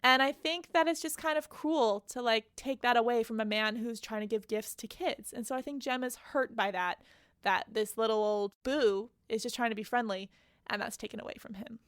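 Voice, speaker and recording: A woman's voice: on the high side, moderate pace, fairly bright tone, clear, resonant tone, no room sound, studio quality. A woman hosting a podcast, retelling a novel's plot in a casual, chatty way with personal asides. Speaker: podcast host. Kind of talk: casual book recap.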